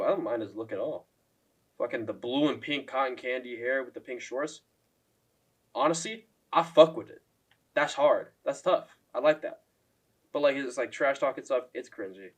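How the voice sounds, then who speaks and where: A young man casually ranting on his MMA channel, swearing often and filling with "like" as he ranks fighters. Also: mid-range voice. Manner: profane, lots of "like" fillers, mocking impressions. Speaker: MMA commentary YouTuber. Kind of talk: casual ranking rant.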